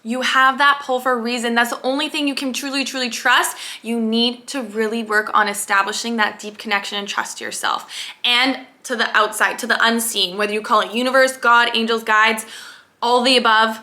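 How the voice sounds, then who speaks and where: A young woman giving an energetic, emphatic motivational talk as a life coach, repeating phrases for stress. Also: fairly high pitch, moderate pace.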